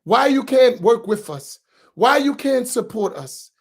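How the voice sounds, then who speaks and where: Impassioned American imam, high gravelly voice. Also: male voice, expressive, unhurried. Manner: preaching with rising shouts and rhetorical questions. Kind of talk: impassioned sermon.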